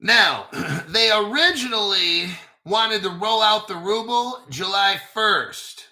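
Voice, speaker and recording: A male show host talks in casual commentary, cursing freely and answering his own asides. His voice sits high and sounds very bright. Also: lively intonation, slow pace. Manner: profane, talks back to himself.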